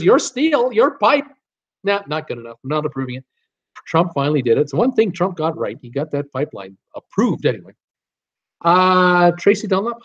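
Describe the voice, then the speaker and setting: Middle-aged Canadian man, jokey trivia host reading viewer guesses, fairly high voice, muffled stream audio. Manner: chatty, jokey, reads out names and guesses. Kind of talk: live stream chat, reading viewer answers.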